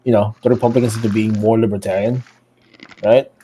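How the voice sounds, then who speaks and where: A man with a dark, mellow voice co-hosts a casual political podcast. He rambles in long, halting runs, piling on fillers as he reaches for his point. His tone stays frustrated and exasperated. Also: on the low side, fairly even intonation, a little hiss or hum. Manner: rambling, heavy with fillers like "like" and "you know", frustrated. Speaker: podcast co-host.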